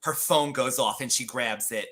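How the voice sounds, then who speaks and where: A woman co-hosting a comedy podcast, reading a holiday movie script aloud with animated, dramatic reactions. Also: very deep voice, moderate pace. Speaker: podcast co-host.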